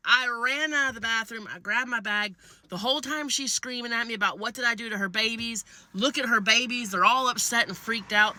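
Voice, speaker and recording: A woman telling a comic personal story in an animated, blunt way, swearing freely. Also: on the high side, no echo.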